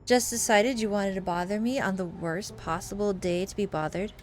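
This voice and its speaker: A woman's voice: medium pitch, fairly even intonation, normal speed, a little mellow, soft background music, lightly acted. A woman voicing a stern, threatening young woman in a game, speaking curtly and coldly. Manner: curt, cold and menacing.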